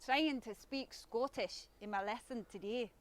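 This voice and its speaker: A woman giving an instructional lesson, explaining words in a careful, deliberate way. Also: fairly high pitch. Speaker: language teacher.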